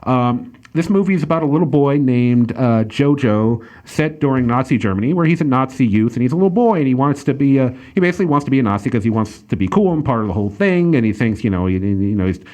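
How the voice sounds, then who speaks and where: A man's voice: mid-range voice, animated, quick pace, a little mellow. A man hosting a casual talk show, reviewing a film with lots of fillers and restarts. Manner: rambling, many fillers and restarts, laughs easily. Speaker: podcast host reviewing a film. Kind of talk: casual chat.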